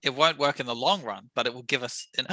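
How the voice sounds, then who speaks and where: A man playing a tabletop game in character, urgently laying out a plan and getting excited by sudden ideas. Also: medium pitch, quick pace, dry recording. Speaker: player.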